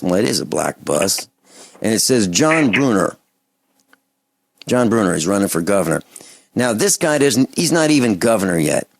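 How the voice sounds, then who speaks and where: A man hosts a call-in radio talk show, launching into an impassioned, indignant rant. His voice swings between loud outbursts and low muttering.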